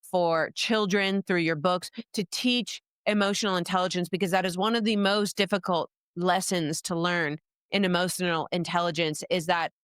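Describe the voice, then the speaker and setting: A woman's voice: on the low side, steady tone, moderate pace, a bit bright, clean tone, no room sound, clean studio sound. A woman hosting an interview podcast, asking thoughtful questions and reflecting back on her guest's words. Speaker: podcast host.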